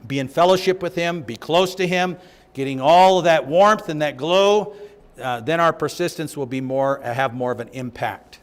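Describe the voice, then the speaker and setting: A man with a fairly high voice leads a Bible study in church. He teaches with emphasis and drives his points home by repeating the key phrases. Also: moderate pace.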